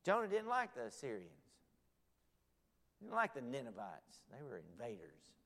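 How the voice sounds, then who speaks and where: A man preaching a sermon as a pastor, moving between loud urgent pleas and hushed, pleading asides. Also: mid-range voice, wildly swooping pitch, normal speed. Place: church sanctuary. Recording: long reverb of a large hall.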